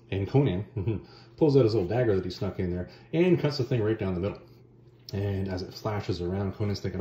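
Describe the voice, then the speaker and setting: A middle-aged man casually retelling a comic story as a reviewer, animated and dropping into quick character voices. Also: lowish voice, echoey room, muffled recording. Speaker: YouTube book and comic reviewer.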